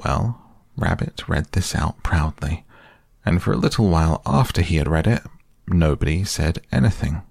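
Deep soft-spoken man reading a bedtime story. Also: normal speed, creaky, no echo, studio quality. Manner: soft and calm. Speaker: podcast narrator.

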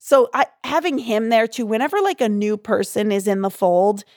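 A young adult woman, a comedian guest, telling stories in animated, casual chat full of "like". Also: a little high, normal speed, no room sound, studio quality. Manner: animated, filler-heavy storytelling with lots of "like".

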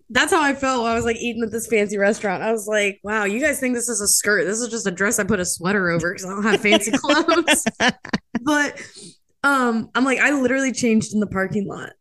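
A young woman co-hosts a podcast in easy casual chat. Her voice sits a little high, and she tells stories full of "like" and "um," putting on voices for what people said. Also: fairly bright tone. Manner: chatty storyteller, acts out quotes, many fillers. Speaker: podcast co-host.

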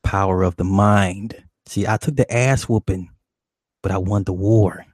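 A man's voice: low-pitched, measured pace, darkish tone, no echo, studio quality. A man hosting a call-in show, telling a childhood story in a laid-back, profane way and laughing often. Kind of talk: casual late-night call-in storytelling.

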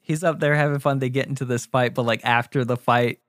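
A man's voice: mid-range voice, a little fast, no echo, clean studio sound. A man in casual conversation, thoughtfully brainstorming a short film and agreeing along. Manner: relaxed, thoughtful, lots of fillers and agreement.

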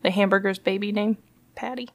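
A woman's voice: mid-range voice, fairly even intonation, fairly quick. A woman co-hosting a podcast, telling pun jokes in a casual chat and giggling, delighted by them. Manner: giggly, delighted by her own puns. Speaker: podcast co-host.

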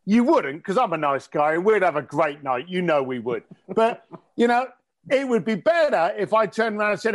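Cheeky, animated man. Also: high-pitched, moderate pace. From East London. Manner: cheeky, blunt and animated, with swearing. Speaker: interview guest. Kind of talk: casual storytelling interview.

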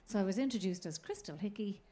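A woman's voice: medium pitch, fast talker, reverberant. A woman comedian with an Irish accent telling stories in a casual chat, laughing and swearing. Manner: animated, laughing, swearing storytelling. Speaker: comedian guest.

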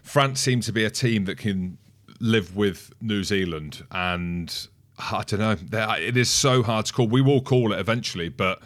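Low-voiced rambling man, dry sound. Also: moderate pace, fairly bright tone, no echo. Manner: rambling, thinks aloud with restarts. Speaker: podcast co-host, pundit. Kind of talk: casual sports chat.

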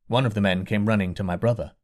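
A man reading a novel aloud as an audiobook narrator in a measured, deliberate way. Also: on the low side, fairly even intonation. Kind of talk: scripted narration.

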